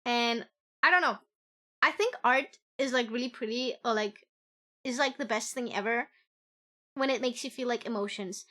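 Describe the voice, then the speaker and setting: A woman streamer chatting casually at home into a desk microphone, gushing with excitement, giggling often and swearing casually. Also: a little high, moderate pace, long pauses. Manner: gushing and excitable, squealing with delight. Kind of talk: casual live-stream chat.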